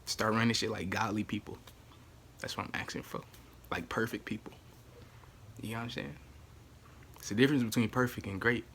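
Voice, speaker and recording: A man vlogging to camera, ranting casually in slang, repeating "you know what I'm saying" and swinging from low muttering to loud exclaiming. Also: steady tone, brisk, gravelly, pauses often, a little hiss or hum.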